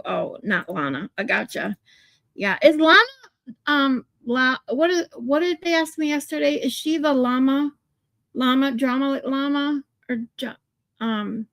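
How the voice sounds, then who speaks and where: A woman's voice: high-pitched, creaky, a bit bright, no room sound. A woman hosting a casual livestream, talking to her chat in a chatty way and laughing easily. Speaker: livestream host.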